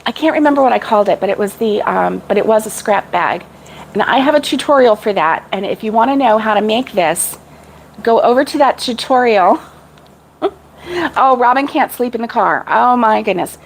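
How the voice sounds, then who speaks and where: A woman's voice: on the high side, animated, normal speed, creaky, slight background noise, low-quality recording. Giggly rambling middle-aged woman. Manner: giggly, rambling, laughs often. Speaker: crochet vlogger. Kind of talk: casual chat with live viewers.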